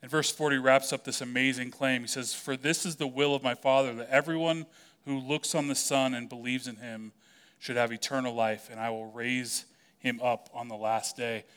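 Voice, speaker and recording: A man preaching a sermon in a conversational, animated way, acting out the voices of the people he quotes. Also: mid-range voice, normal speed, smooth. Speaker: pastor.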